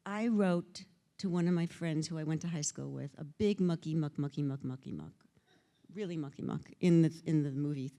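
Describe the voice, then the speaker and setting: A woman's voice: sits low, moderate pace, gravelly, dark tone. An older woman giving a conference keynote, theatrical and teasing, acting out the voices she quotes. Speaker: keynote speaker. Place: conference hall before an audience.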